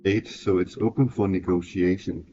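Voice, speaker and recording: A man with a low, mellow voice thinks aloud through a solo tabletop game, hesitant and self-correcting. He talks slowly, and the recording is dull and lo-fi with a faint hiss. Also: steady tone.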